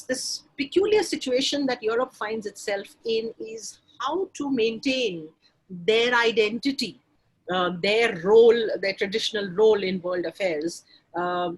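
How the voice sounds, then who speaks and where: A woman speaks on an online academic panel with a slightly husky voice. Her pitch rises and falls in lively swings while she hesitates, restarts and circles back to her point. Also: low-quality recording. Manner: halting, many restarts. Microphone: remote video call.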